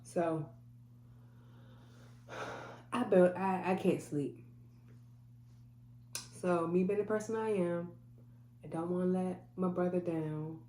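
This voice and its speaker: A woman with a fairly low, mellow voice tells a personal story in earnest, voicing the people in it as she goes. She is recorded in an echoey room with a faint hum behind her. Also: fairly even intonation, slow pace, pauses often. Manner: earnest, quotes people in dialogue. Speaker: vlogger telling a personal story. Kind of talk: emotional storytelling to camera.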